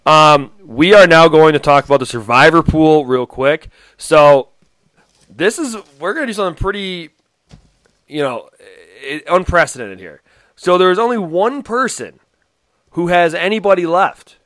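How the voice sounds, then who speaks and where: A man co-hosting a casual podcast chat, laughing often and trailing off quietly. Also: fairly high pitch, animated, normal speed, no echo. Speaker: podcast co-host.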